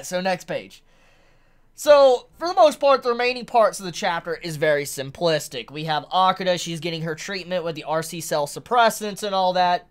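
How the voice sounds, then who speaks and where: Woman, low voice, casual manga review, excitable, profane, laughs a lot. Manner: excitable, profane, laughing, gets loud and shrill when thrilled. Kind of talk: casual chapter breakdown.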